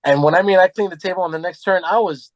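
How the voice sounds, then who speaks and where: A man's voice: high voice, fast, no echo. Guy on a podcast telling wild stories, does all the voices, cusses a lot, dead dry mic. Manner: animated, acts out quotes, swears freely. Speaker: podcast guest. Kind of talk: casual storytelling.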